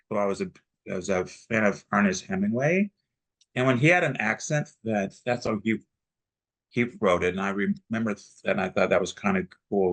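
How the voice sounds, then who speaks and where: Halting, stammering man, low voice. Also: a bit bright, poor audio. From Texas, United States. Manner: stammering, halting restarts, chatty. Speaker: author and interview guest. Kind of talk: casual interview chat.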